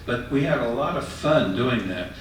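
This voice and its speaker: A man telling a lively personal story to a live audience. His voice sounds distant from the mic, wrapped in heavy room echo with a faint hiss underneath. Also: medium pitch, normal speed. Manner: conversational, animated retelling. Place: retirement residence common room. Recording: echoey room, mic far off.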